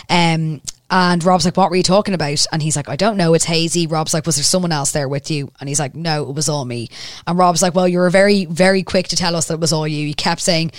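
Low-voiced woman recapping a show. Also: dry recording, studio quality. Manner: narrates scenes quickly, swears, drops to near-whisper asides. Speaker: podcast co-host recapping a TV episode. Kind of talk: casual chat, reading out scene recaps.

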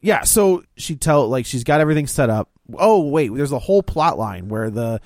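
A man co-hosting a podcast, recapping a movie in a casual chat, with halting restarts and laughing asides. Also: medium pitch, lively intonation, dry recording, clean studio sound. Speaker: podcast co-host.

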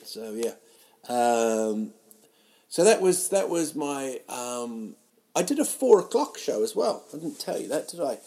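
A man hosting a solo podcast, rambling through silly tangents in a self-mocking way with sudden loud outbursts. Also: medium pitch, expressive, unhurried. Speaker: podcast host. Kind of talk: rambling solo comedy chat. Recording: home podcast mic, uneven sound.

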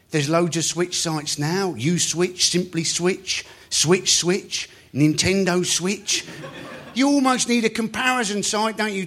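Male comic host, high pitch, stand-up to a live crowd, chatty tag questions. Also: a bit bright. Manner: chatty, keeps asking "isn't it?". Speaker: comedy show host. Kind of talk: stand-up monologue. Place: stage before a live audience.

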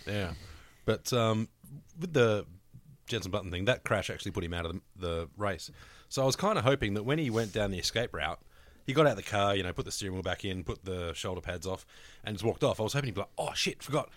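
A man's voice: on the low side, quick pace, no echo. A man with an Australian accent telling stories in casual podcast chat, with crude jokes and lots of hesitant fillers.

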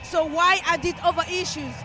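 A woman's voice: extremely high pitch, steady tone, normal speed. A young woman in a street interview outdoors at a parade, speaking passionately and emotionally. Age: young adult. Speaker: parade attendee, therapist.

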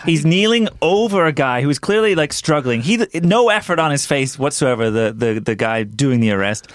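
A man guesting on a comedy podcast, describing a picture in a halting, deadpan way. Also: on the high side, dry recording. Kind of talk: casual comedy podcast chat.

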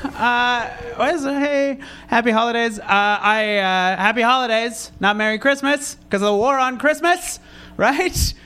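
Brief: young male stand-up comic, fairly high voice, sarcastic and self-deprecating, rambling. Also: unhurried, bright, forceful tone. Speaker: stand-up comedian. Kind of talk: stand-up comedy set.

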